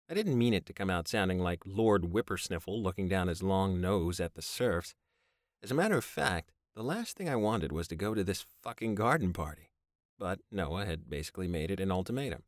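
A man narrating a first-person story with a dry, sardonic wit. His voice sits low but moves a lot in pitch, and the recording is close and dry with no room sound. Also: lively intonation, normal speed, no room sound. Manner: wry, sardonic. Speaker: audiobook narrator.

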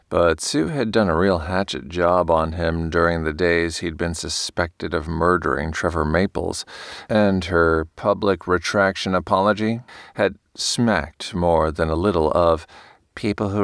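A man narrating an audiobook in a measured storytelling manner. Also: sits low, dry recording, clean studio sound. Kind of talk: scripted narration.

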